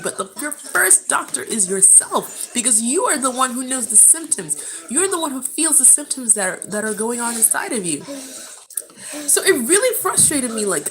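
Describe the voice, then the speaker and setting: A woman's voice: fairly high pitch, fairly bright tone, a little hiss or hum, rough recording. Passionate woman vlogging at home. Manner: passionate, emotional, addresses viewers as guys. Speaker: vlogger answering viewer questions. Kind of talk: casual storytelling to camera.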